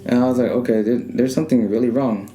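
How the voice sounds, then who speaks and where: A man's voice: mid-range voice, quick pace, soft background music. A man telling a personal ghost story in casual podcast chat, acting out quoted lines with many fillers. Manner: animated, acts out quoted lines, frequent fillers.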